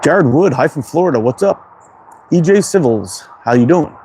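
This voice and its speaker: Animated and a little high-pitched, with a moderate pace and a slightly mellow sound, this Canadian man with a Quebec accent hosts a slingshot livestream outside in cold wind. He reads viewers' names from chat, laid-back and friendly, and swears casually. Wind and outdoor ambience are present.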